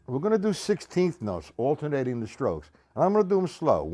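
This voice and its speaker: Older man teaching drums, lively voice. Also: medium pitch, fairly quick, hardly any pauses, over loud music. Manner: talks to chat viewers by name, counts beats aloud. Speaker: drum teacher. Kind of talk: live-streamed music lesson. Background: drum kit.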